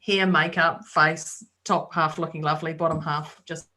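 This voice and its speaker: A woman co-hosts a talk podcast, chatting casually and acting out the voices of people in her story. Her voice sits low with little pitch movement and a moderate pace, sounding pushed and bright. There is a little hiss or hum in the recording.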